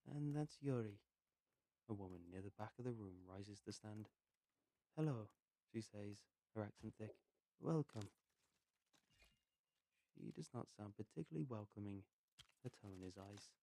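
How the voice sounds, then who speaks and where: A man reading a first-person story aloud in an unhurried way with pauses, sometimes muttering asides to himself while he plays a game. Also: fairly low pitch, dark tone. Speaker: narrator.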